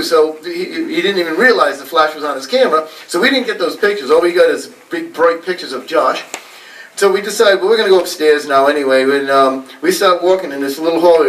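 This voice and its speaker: A rambling, chatty man with a New England accent tells ghost stories to a library audience in a casual talk. His voice sits a bit high for a man. He sounds a little distant from the microphone. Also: fairly bright tone. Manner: rambling, chatty, with frequent fillers and laughs. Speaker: paranormal investigator giving a library talk. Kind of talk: casual storytelling presentation. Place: library meeting room. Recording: voice a little far from the mic.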